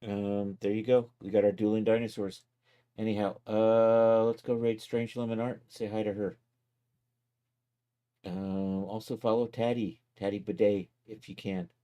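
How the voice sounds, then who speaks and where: A man with a fairly low, warm and relaxed voice talks to his live-stream audience. His chat is casual and easygoing, and he thinks aloud as he goes. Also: unhurried, smooth. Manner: easygoing, thinks aloud while clicking around.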